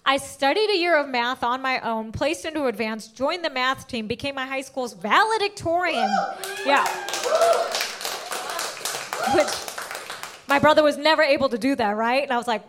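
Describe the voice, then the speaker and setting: A woman's voice: sits high, brisk, fairly bright tone. A woman doing brash, self-mocking stand-up storytelling. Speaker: stand-up comedian. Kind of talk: stand-up comedy.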